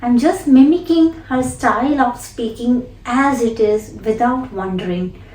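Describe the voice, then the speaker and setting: A woman English teacher explaining pronunciation deliberately, then repeating phrases to demonstrate. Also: fairly high pitch, darkish tone, reverberant, far from the mic, rough recording. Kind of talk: spoken lesson with demonstration.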